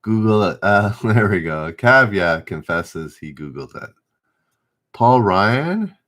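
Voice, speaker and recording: Middle-aged guy hosting a trivia stream, slowish low voice, reads questions out and fumbles them, chats with chat. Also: big pitch swings, a bit bright. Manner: reads questions aloud, stumbles and rereads, chats with viewers. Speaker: trivia host.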